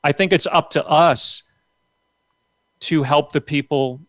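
A male comedian and author talking as a guest in a casual interview, rambling and animated, full of restarts. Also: a little high, slow, no room sound.

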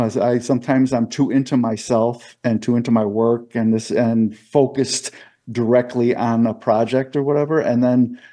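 A man answering as a guest on a talk show, reflective and easygoing, with halting restarts. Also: mid-range voice, mellow. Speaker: guest, comic artist. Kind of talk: casual interview answers.

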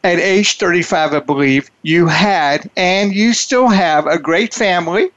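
A man hosting a radio talk show, with an effusive manner and slow, emphatic phrasing. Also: high voice, a bit bright, muffled recording. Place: studio in a large city.

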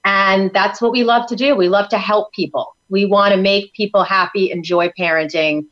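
A woman's voice: mid-range voice, fairly even intonation, moderate pace, fairly bright tone, muffled recording. A woman from New York, a parenting coach, talking as an upbeat, salesy guest on a talk show. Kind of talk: enthusiastic talk-show chat. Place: studio in Tampa.

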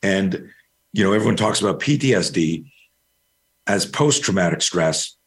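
A man's voice: deep voice, animated, normal speed. A middle-aged man, a guest talking about fear management, telling a long personal story in a rambling, casual way with the odd curse. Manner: rambling, anecdotal, casual swearing. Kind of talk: storytelling interview.

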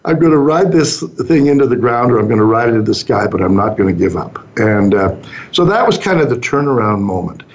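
A man's voice: on the low side, big pitch swings, fairly quick. A man in his sixties, a business owner and interview guest, telling stories in an easygoing way and acting out the lines he quotes. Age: 60s. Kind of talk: storytelling interview answers. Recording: dull muffled sound.

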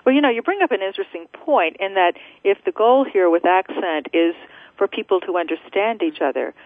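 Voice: mid-range voice, animated, fairly quick, no room sound. A radio show host talking in a thoughtful, rambling way and laughing easily while interviewing a guest. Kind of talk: conversational interview. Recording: tinny dry phone line.

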